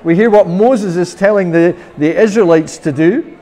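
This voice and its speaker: Preaching in church, the Scottish man speaks at normal speed in a high-pitched, dark voice. He is earnest throughout and bursts into sudden passion when voicing prayers, all under long church reverb.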